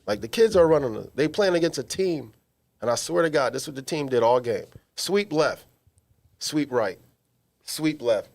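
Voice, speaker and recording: An animated man co-hosting a podcast, his voice sitting a bit high and swinging widely in pitch. He tells comedic stories in slangy, emphatic casual chat. He is recorded in a small studio. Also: fast talker, vocal fry. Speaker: podcast co-host.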